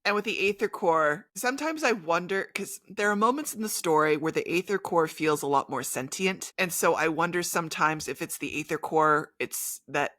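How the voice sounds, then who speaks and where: A woman co-hosting a podcast in an animated, playful chat, her bright voice swinging up and down in pitch. The sound is dry and close, with no room around it. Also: normal speed, few pauses, no echo. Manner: animated, playful, quotes characters in mock voices. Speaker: podcast co-host. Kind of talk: casual chat about a game.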